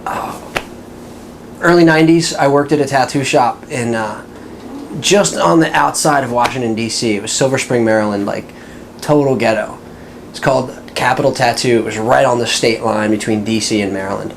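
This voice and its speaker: Middle-aged former tattoo artist, easygoing offhand storyteller, mid pitch. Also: normal speed, a little hiss or hum. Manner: relaxed, offhand, profane. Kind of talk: casual storytelling.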